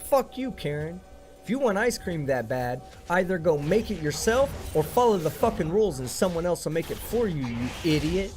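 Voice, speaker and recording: A man's voice: fairly high pitch, very animated, moderate pace, darkish tone, faint music behind. A man hosting a reaction video, delivering sarcastic commentary full of blunt, profane insults. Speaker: video host reacting to clips.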